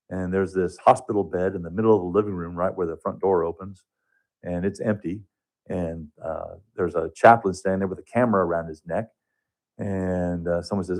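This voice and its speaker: A man telling a personal story as a guest on a radio talk show, earnest and halting, often restarting his sentences. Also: deep voice, fairly even intonation, darkish tone. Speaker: radio guest, hospice touch therapist.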